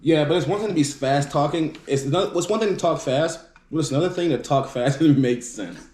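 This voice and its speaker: Fast-talking man with a Southern twang. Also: a little high, a little mellow, reverberant, a little hiss or hum. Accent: Southern US (Mississippi). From Wisconsin. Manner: fast-talking storyteller, trips over words. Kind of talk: casual chat.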